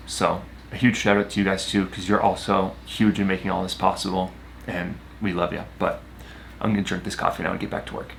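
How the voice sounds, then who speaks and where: A man's voice: low-pitched, gravelly, a bit bright, a little hiss or hum. A young man talking casually to his vlog viewers, earnest and reflective, then joking with his wife. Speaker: vlogger building a home.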